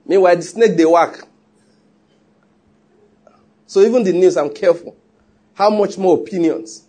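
A man's voice: sits high, unhurried, dark tone. A man preaching a sermon in an emphatic, conversational way, with joking asides. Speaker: pastor.

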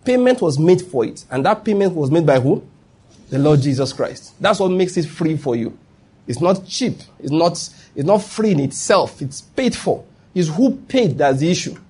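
A man's voice: a little high, lively intonation, normal speed, mellow, breathy edge. A pastor with a Nigerian accent preaching a sermon, repeating his points and asking the congregation if they follow. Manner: rhetorical questions, repeats points, laughs at own stories.

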